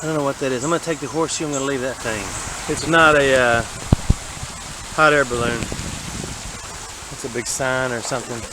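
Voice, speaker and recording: A Southern-accented man chats in a loose, folksy ramble, thinking out loud about each thing he spots. His voice sits at an ordinary pitch for a man. Running water and outdoor sound come through clearly on his handheld camera mic. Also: fairly even intonation, brisk, pauses often, background noise. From Alabama. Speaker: vlogger exploring a creek. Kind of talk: casual walking narration. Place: outdoors wading in a city creek.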